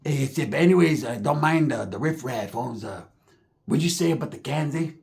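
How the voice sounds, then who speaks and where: A man's voice: medium pitch, moderate pace, creaky. A man telling a comedic story in slangy street talk, acting out the people in it. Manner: slangy, animated, acts out other characters' voices.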